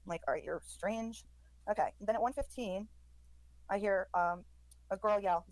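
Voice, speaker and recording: A woman's voice: medium pitch, steady tone, normal speed, a little mellow, dry recording, poor audio. A woman on a live stream describing sounds she hears in a recording, hesitant and full of ums. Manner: hesitant, many ums, quoting overheard lines. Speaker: commentator describing audio.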